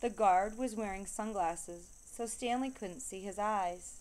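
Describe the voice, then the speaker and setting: A woman reading a children's novel aloud, steady storytelling that slows down to stress repeated refrains. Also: medium pitch. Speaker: reader.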